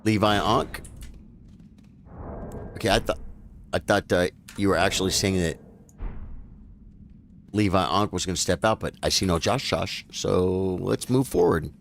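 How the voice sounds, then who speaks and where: A man streaming live gameplay, chatting casually and breaking into loud, excited yelps during fights. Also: sits low, unhurried, vocal fry, pauses often, slight background noise. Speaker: game streamer.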